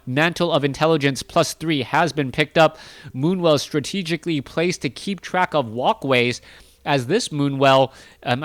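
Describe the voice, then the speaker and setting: A man doing solo play-by-play commentary on a strategy game, chatty and correcting himself as he goes. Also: fairly high pitch. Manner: chatty, self-correcting, rising excitement in big moments. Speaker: esports caster.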